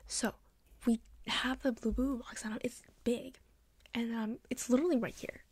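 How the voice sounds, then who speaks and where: A young woman with a breathy, half-whispered voice, rambling chattily through a soft-spoken ASMR story with lots of "like". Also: a little high, steady tone, moderate pace, dry recording. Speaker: ASMR creator.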